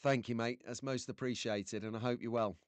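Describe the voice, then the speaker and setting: A man's voice: mid-range voice, steady tone, fairly quick, no echo. A man from England hosting a casual live stream, chatty and jokey, greeting viewers by name.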